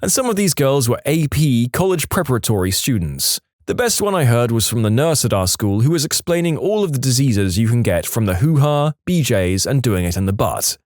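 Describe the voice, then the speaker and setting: Lively, expressive male storyteller. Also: medium pitch, no echo, studio quality. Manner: expressive, slows down to stress punchlines. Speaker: storytime narrator. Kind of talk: scripted narration of reader stories.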